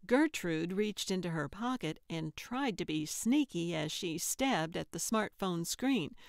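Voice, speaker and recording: A woman narrating an audiobook in a measured storytelling manner, on a close studio mic. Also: lowish voice, dry recording.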